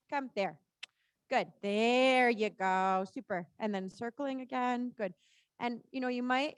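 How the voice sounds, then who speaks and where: A woman instructor giving quick, encouraging cues to a rider during a live riding lesson in an indoor arena. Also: on the high side, dry recording.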